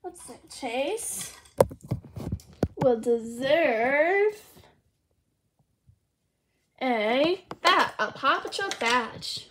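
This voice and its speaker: A woman's voice: high voice, lively intonation, drawn-out words, pauses often, exaggerated voice. A woman voicing a jolly old Santa in a noisy home recording, murmuring to himself as he hands out gifts. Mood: musing.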